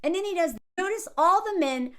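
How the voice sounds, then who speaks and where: Animated high-voiced woman commentator. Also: brisk. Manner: animated, quoting others in mocking voices. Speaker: commentator reviewing a reality show. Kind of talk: casual commentary.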